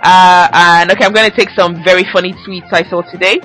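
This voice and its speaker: A woman's voice: lowish voice, fairly even intonation, a little fast, a bit bright, faint music behind, rough recording. A young woman hosting a casual solo podcast, chatty and teasing, laughing often at her own remarks. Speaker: podcast host.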